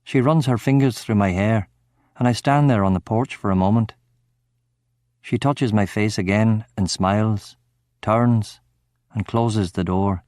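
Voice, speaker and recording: A man giving steady, measured first-person narration of a crime novel audiobook. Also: fairly low pitch, no echo, clean studio sound.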